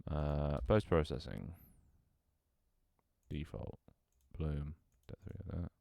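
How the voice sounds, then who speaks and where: A man with a very deep, low voice mutters and thinks aloud while he builds a game level on stream. He swears freely, banters with his chat, and his voice sometimes cracks. The sound is dry and close, with no room echo. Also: animated, slow, creaky, mellow. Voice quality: voice cracks at times. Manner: mutters to himself, swears often, jokes with chat.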